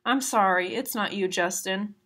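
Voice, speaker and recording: A woman's voice: mid-range voice, moderate pace, bright, forceful tone. A woman reading aloud the lines of a tearful, defensive teenage girl in a novel.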